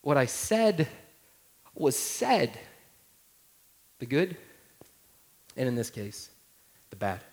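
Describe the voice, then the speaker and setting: A man's voice: mid-range voice, sing-song, drawn-out words, pauses often. A man in his thirties, a pastor preaching a sermon through a humorous personal story, talking to the listeners directly in a conversational way.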